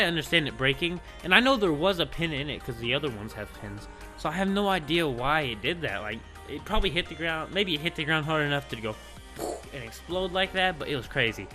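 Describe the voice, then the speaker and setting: Bright-voiced young man rambling excitedly. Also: fairly high pitch. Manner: rambling, excitable, full of "like" fillers. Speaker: gaming channel host. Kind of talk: casual storytelling vlog.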